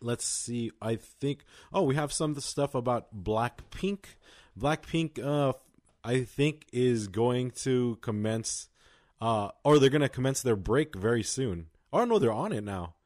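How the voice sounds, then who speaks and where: A man's voice: mid-range voice, lively intonation, unhurried, a little mellow, no room sound, studio quality. Young man chatting casually on a podcast. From Los Angeles County. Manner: chatty, lots of fillers and likes. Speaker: podcast co-host. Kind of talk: casual chat.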